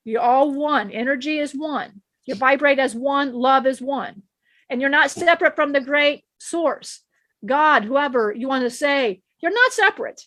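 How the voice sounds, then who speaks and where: A woman's voice: sits high, a bit bright, no echo. A woman channeling an ancient male divine being, giving an emphatic spiritual teaching with many repeats and restarts.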